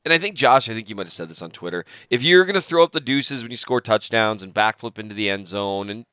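A man in his thirties hosting a casual sports talk show, animated and exasperated, rambling with jokes. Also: fairly low pitch, fast talker, clean tone, no room sound. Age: 30s. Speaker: sports podcast host.

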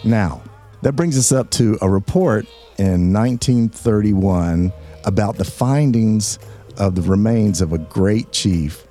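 A man's voice: fairly low pitch, slow, dark tone, soft background music. A man hosting a chatty talk, explaining a bit of history with jokes and asides. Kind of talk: casual storytelling chat.

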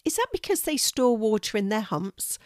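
A woman's voice: on the high side, big pitch swings, moderate pace, dry recording, clean studio sound, pitched above the performer's own voice. A woman voicing a curious young boy in a children's storybook, complaining and irritable about the heat. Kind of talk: storybook reading.

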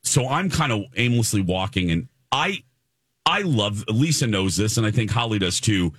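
A middle-aged man hosting a talk show, telling a story in a chatty, animated way and laughing often. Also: on the low side, normal speed, husky, dry recording, clean studio sound. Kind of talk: casual on-air storytelling.

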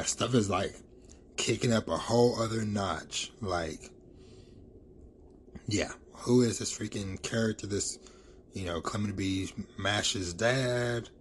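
A man's voice: lowish voice, a bit bright, slight background noise. A man giving a casual, rambling recap of a manga chapter, full of fillers and the word "freaking". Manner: loose and rambling, filler-heavy, says "freaking" a lot.

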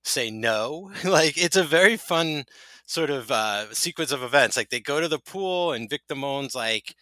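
Man, podcast co-host, casual rambling chat, bright voice, dry close sound. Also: mid-range voice, sing-song, normal speed, dry recording. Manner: chatty, rambling with many fillers.

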